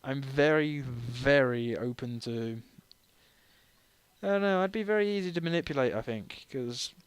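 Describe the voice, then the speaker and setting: A man's voice: mid-range voice, moderate pace, clear, resonant tone, no room sound. Brief: man, slightly drunk, self-mocking game streamer, dry close sound. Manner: rambling, self-deprecating, laughs often. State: tipsy. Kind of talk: casual let's-play commentary.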